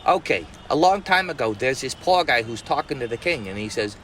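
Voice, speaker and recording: A man's voice: mid-range voice, lively intonation, fairly quick, fairly bright tone, a little hiss or hum, rough recording. A man telling a fairy tale to his nephew as a comic retelling, full of streetwise slang and wisecracks, speaking outdoors. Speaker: storytelling uncle.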